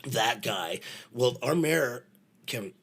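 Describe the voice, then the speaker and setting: A middle-aged man telling backstage stories in a casual, animated way, swearing freely and using lots of fillers. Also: medium pitch, takes it slowly, gravelly. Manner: animated, profane, full of fillers. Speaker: podcast guest, venue manager. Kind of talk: casual anecdotal storytelling.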